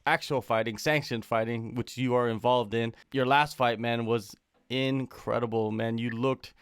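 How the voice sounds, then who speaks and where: A man's voice: medium pitch, steady tone, normal speed, clear, resonant tone, no echo, clean studio sound. A male interviewer in casual, upbeat chat, often calling his guest "man.".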